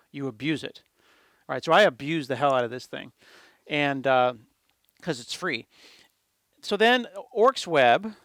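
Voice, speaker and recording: A man's voice: medium pitch, clean tone, dry recording, clean studio sound. A middle-aged man giving a conference talk, telling a jokey story and acting out the people in it. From United States. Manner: lively, jokey, acts out quoted dialogue. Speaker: conference speaker.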